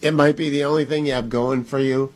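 A man hosting a talk radio show, making emphatic, preachy appeals to listeners in a husky voice. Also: medium pitch, steady tone, fairly quick.

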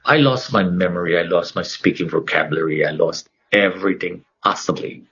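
Husky-voiced man telling a dramatic story. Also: low-pitched, a little fast, a bit bright. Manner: dramatic, acts out the voices of others in his story. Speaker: interview guest. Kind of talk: personal testimony storytelling. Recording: muffled lo-fi recording.

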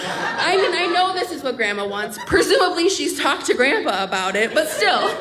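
A young adult woman telling a comic personal story on stage at a live storytelling event, animated and laughing as she talks. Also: high voice, moderate pace, crowd noise. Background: audience laughter.

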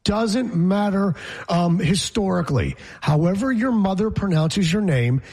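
A man's voice: high-pitched, animated, a little slow, a little mellow, breathy edge. A man co-hosting a sports talk show, chatting casually and quizzing his co-host with opinions. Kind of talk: casual sports radio chat.

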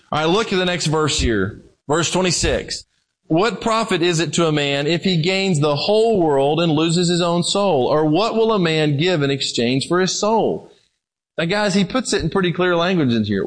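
A man preaching a sermon in a conversational way, moving between loud emphasis and quiet, low passages. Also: rough recording.

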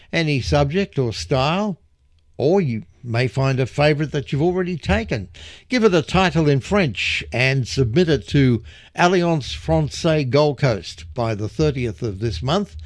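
A man's voice: a little high, expressive, normal speed, no echo. A man presenting a radio show in a casual, chatty way with jokey asides. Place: radio studio.

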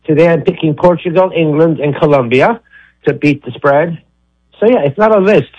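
A man's voice: fairly high pitch, moderate pace, breathy edge, dry recording. A man calling in to a radio show, eager and reeling off long lists of names. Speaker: caller. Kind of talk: phone-in talk radio. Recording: dull lo-fi phone line.

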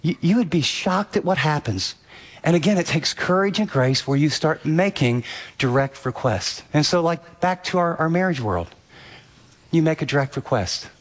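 A man's voice: a little high, expressive, moderate pace. A middle-aged man preaching a sermon, telling a personal story and then pressing his points with emphatic repetition. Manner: earnest storytelling, rising to emphatic exhortation. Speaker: pastor.

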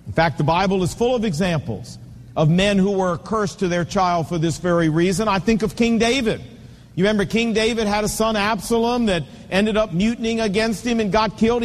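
A man's voice: high voice, big-room sound. A middle-aged man preaching a sermon to fathers with emphatic, repetitive cadences and folksy asides.

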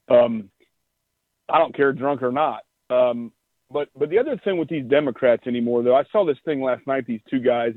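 A man's voice: medium pitch, no room sound. A man calling in as a regular guest on political talk radio, blunt and exasperated. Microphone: phone line. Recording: tinny phone line.

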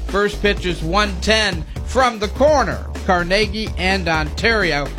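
A man hosting a radio sports segment, reading scores briskly with dry asides. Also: high-pitched, music in the background. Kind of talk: radio sports news read.

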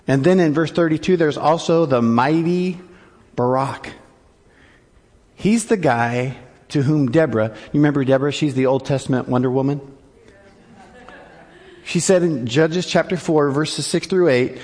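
A man pastor delivering an animated sermon and joking with his congregation. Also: fairly high pitch, unhurried, pauses often, long reverb tail.

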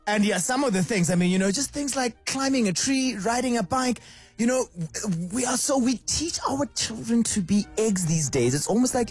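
A male radio host talking in a chatty, animated and opinionated way, with faint music behind. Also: high voice, a little fast, breathy edge. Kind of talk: casual radio chat.

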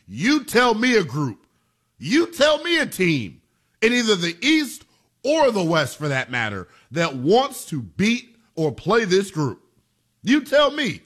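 A man hosting a sports talk radio show, delivering an emphatic, animated monologue. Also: sits high.

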